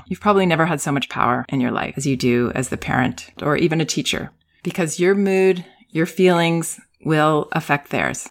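A woman hosting a parenting talk, speaking in a gentle, patient and measured way as she acts out calm phrases to say to young children. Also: low voice. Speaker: parenting educator and podcast host. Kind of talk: calm instructive talk with role-played examples.

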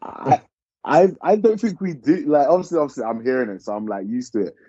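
A man's voice: mid-range voice, very animated, a little fast, mellow, breathy edge, no echo. A man with a South London accent chatting casually, hedging and thinking aloud. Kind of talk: casual chat. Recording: dull lo-fi dry sound.

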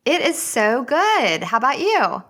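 A woman's voice: sits high, very animated, fairly bright tone. A woman from Virginia with a Southern accent, a guest author talking in a friendly, chatty way on a remote call. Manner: chatty, friendly, quick laughs. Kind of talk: casual interview chat.

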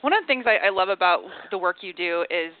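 A friendly interview host who laughs along and asks open questions in a relaxed, casual way. The recording is dry and thin like a phone call, with a mid pitch. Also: fast, smooth, no room sound. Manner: friendly, laughs along, gives short acknowledgements. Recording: dry, phone-like band-limited audio.

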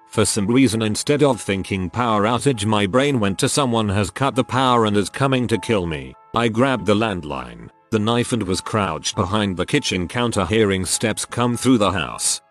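A man steadily narrating reader-submitted stories in a measured, scripted way, with dry asides. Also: fairly low pitch.

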